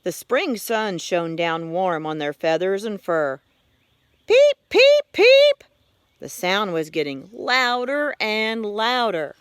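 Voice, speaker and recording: Slow, expressive woman reading a children's story. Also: mid-range voice, clean tone, no room sound. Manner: expressive, unhurried. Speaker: reader. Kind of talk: children's story read-aloud.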